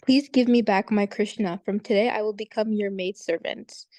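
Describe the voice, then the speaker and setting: A woman's voice: mid-range voice, steady tone, moderate pace, a little mellow, no room sound, lightly acted. A woman reading aloud the part of a grieving mother who pleads for her son's return. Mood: pleading. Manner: read aloud earnestly. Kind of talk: reading scripture story aloud.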